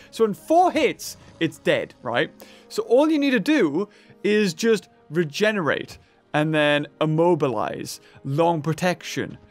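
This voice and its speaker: A young man chatting casually through a mobile dinosaur game, excitable and rambling with lots of fillers. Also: high voice. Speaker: gaming YouTuber.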